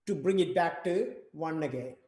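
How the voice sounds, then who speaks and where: Guy teaching rhythm online, chanting takadimi patterns, kinda higher voice, echoey room. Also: normal speed, a little mellow. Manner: chants rhythm syllables to demonstrate. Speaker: percussion teacher.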